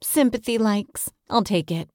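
A woman voicing an excitable, food-loving young woman contestant in an audiobook. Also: mid-range voice, measured pace, no echo, studio quality, pitched above the performer's own voice, natural voice. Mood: excited. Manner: gushing, excitable.

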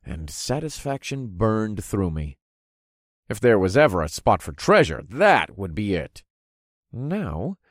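A man reading a first-person fantasy story, his pitch swooping widely as he acts out the narration. He sits close to the mic in a dry, dead-sounding space. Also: no room sound. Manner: lively, expressive reading. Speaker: audiobook narrator.

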